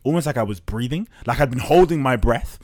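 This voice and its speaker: A man's voice: mid-range voice, lively intonation, brisk, a little mellow. A man, a startup co-founder, talking openly and casually as a podcast guest, with loose slang and the odd swear. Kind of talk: candid podcast conversation.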